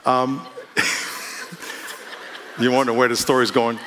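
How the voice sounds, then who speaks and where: A man preaches in a relaxed, conversational way, trading lines with his congregation and mixing jokes with earnest points. His voice sits at an everyday middle pitch. A long reverb from the church sanctuary trails behind every phrase. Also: drawn-out words, background noise. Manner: conversational, playful call-and-response with congregation. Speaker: pastor. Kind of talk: sermon.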